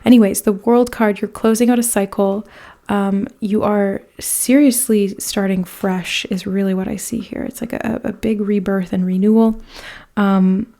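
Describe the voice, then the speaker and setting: A woman with a warm, mellow voice gives a pick-a-card tarot reading straight to the viewer. She talks in a loose, chatty way and often drops into soft, breathy asides. She sits close to the microphone. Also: mid-range voice, steady tone, a little slow. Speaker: tarot reader.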